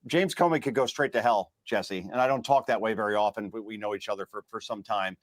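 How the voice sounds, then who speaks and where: A man's voice: lowish voice, quick pace, no echo, clean studio sound. A man from New Jersey giving indignant, emphatic political commentary on a television news segment.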